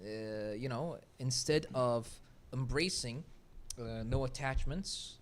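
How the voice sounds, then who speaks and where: A man hosting a casual group podcast chat, animated and playful, often restarting and repeating his words. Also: mid-range voice, slow pace. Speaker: podcast host.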